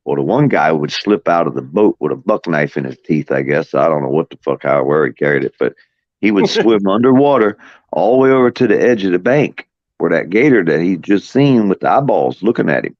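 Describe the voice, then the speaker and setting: Middle-aged male host, deep voice, swears freely, rambles through stories; dull, dry audio. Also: expressive, brisk, dry recording. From moved to Florida as a teenager. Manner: profane, rambling storyteller. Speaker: podcast host. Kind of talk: casual chat.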